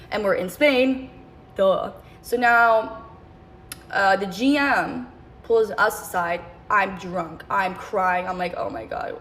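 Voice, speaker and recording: A young woman recounts a personal story in a loose, rambling vlog style. Her voice has a gravelly fry to it, and she keeps backtracking to correct herself and voicing other people's lines. A faint hiss sits under the recording. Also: medium pitch, a bit bright. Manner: rambling, self-correcting, acts out quoted lines.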